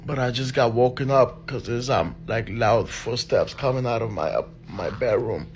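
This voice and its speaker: Scared man, hushed night vlog, mid-pitched, hiss-laden phone audio. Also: moderate pace. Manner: hushed, shaky, swearing under his breath. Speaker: vlogger filming at night. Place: home at night, indoors. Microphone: phone camera. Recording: noisy phone video recording.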